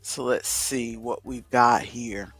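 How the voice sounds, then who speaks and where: A man's voice: medium pitch, fairly even intonation, takes it slowly, a bit bright, soft background music. A man co-hosting a casual livestream, rambling and thinking aloud to himself as he works through a crossword. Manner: rambling, talks to himself while solving a crossword. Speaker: livestream co-host.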